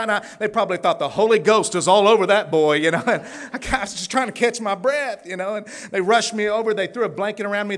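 A man delivers a testimony sermon in a folksy, storytelling way. His voice sits fairly high for a man, and he swings between hushed asides and fervent, ringing peaks. He laughs often along the way. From Tulsa, Oklahoma. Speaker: preacher.

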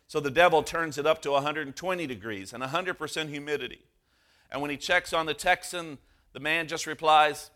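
A man preaching a sermon as pastor, earnest, slowing down for emphasis. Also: mid-range voice, pushed and bright.

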